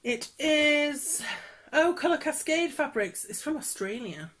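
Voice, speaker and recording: A woman's voice: high voice, animated, measured pace, a bit bright. A woman chatting casually in a cross-stitch vlog, rambling with many fillers and frequent laughs. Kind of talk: casual chat showing stitching projects.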